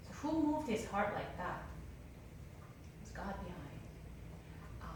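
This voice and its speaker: A woman teaches a Bible class and retells the story with lively, chatty energy. She is recorded from a distance in a very echoey lecture room, with a faint hiss beneath. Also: medium pitch, takes it slowly, long pauses. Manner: animated, conversational, fillers of "like". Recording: roomy lecture hall, distant mic.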